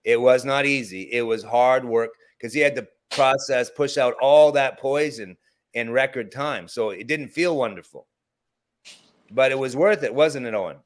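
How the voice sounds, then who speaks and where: A man's voice: mid-range voice, moderate pace. A middle-aged man speaks as a health coach in a mid-range voice. He tells stories with energy, playing out what people said, in easy conversational talk. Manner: animated storyteller, acts out dialogue. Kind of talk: conversational storytelling.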